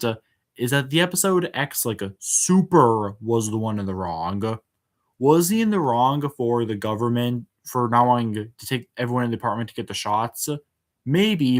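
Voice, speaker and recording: A man hosting a casual spoken review, hesitant, with many filler words and restarts, and frank and exasperated in tone. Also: mid-range voice. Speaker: show reviewer.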